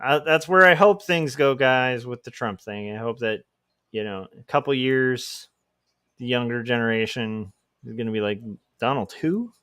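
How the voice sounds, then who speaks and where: A man's voice: medium pitch, moderate pace, pushed and bright, clean tone, no echo, studio quality. A man hosting a livestream as a comic artist, chatting casually in a rambling, self-deprecating way.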